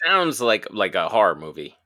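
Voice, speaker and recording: A man's voice: fairly low pitch, big pitch swings, normal speed, bright, forceful tone. A man co-hosting a casual sports podcast, cracking jokes in a laid-back way. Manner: wisecracking, laid-back joker. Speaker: podcast co-host. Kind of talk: casual chat.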